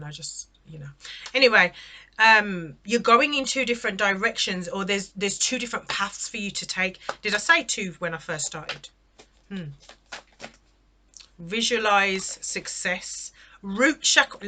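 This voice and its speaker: A woman's voice: medium pitch, normal speed, bright, forceful tone, slight background noise. A woman giving a casual spoken tarot reading, chatty and exclamatory, often checking in with the listener. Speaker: tarot reader.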